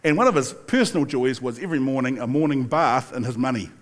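A man's voice: mid-range voice, lively intonation, quick pace. Older man preaching in a chatty way. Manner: chatty storytelling with laughs and asides. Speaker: pastor. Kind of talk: sermon.

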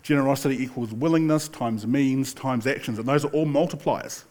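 An older man preaching a sermon in a relaxed, chatty storytelling way, with asides and the occasional laugh. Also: medium pitch, brisk. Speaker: pastor.

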